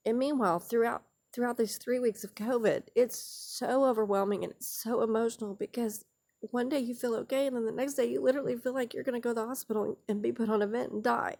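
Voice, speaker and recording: A woman's voice: on the high side, brisk, darkish tone. A woman vlogger telling a raw, emotional personal story to camera, earnest and repeating key phrases for weight.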